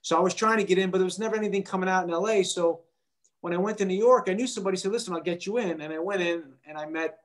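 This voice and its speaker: A middle-aged actor, a guest in an interview, tells a story at a racing pace in a fairly high voice for a man. He's animated, bringing the people in his story to life by acting out their lines.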